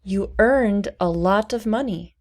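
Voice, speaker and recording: A woman teaching English pronunciation, saying single words slowly and clearly for learners to repeat. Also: medium pitch, a little mellow. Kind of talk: slow, deliberate pronunciation lesson.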